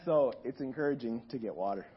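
A hoarse man preaching a sermon to a congregation, impassioned, sinking to a hush and then swelling to near shouts. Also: medium pitch, animated, fairly quick, dull audio. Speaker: pastor. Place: room with a gathered congregation.

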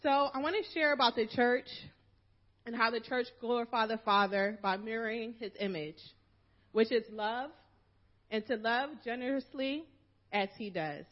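A woman's voice: on the high side, moderate pace, dull audio. A woman from Philadelphia reading a prepared farewell speech to her church, emotional and holding back tears. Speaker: minister's wife giving a farewell talk.

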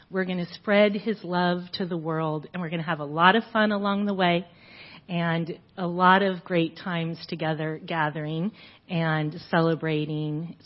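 A middle-aged woman sharing heartfelt, emotional remarks at a church service, with frequent fillers. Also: fairly low pitch. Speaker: church member sharing before leaving. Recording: lo-fi church audio recording.

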